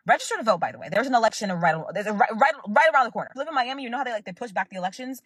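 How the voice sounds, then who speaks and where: Fast-talking husky young woman ranting. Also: a little high, lively intonation, a bit bright, dry recording. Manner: emphatic, rambling, heavy use of filler words. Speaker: podcast host and content creator. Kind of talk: casual commentary rant.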